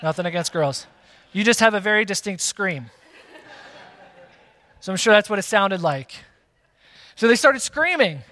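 A man preaching a sermon to a congregation, lively and emphatic, with playful asides. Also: high-pitched. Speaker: pastor. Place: church hall with long reverb. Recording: reverberant church hall.

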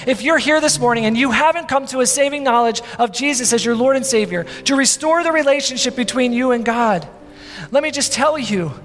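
A man's voice: very high voice, fairly bright tone, in a large hall. A man preaching a sermon as pastor, dramatic, with rhetorical questions and acted-out scenes. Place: church.

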